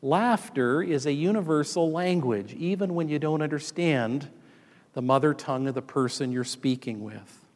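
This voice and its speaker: A somewhat high-voiced man preaching a sermon in a church sanctuary, his voice trailing off into a long hall reverb. He tells stories and turns to the congregation as he speaks. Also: moderate pace. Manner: storytelling, addressing the congregation directly. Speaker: pastor.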